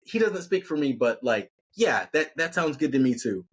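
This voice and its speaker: A man's voice: medium pitch, big pitch swings, moderate pace, husky, pitched above the performer's own voice. A man voicing a young woman, an image-conscious fiancée, in a storytelling performance, with an upbeat, breezy manner.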